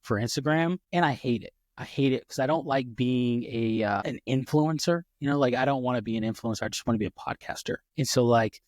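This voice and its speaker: A man's voice: medium pitch, a little fast, few pauses, a little mellow, dry recording, studio quality. A man hosting a casual podcast, rambling and self-deprecating with lots of restarts and fillers. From United States. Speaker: podcast host.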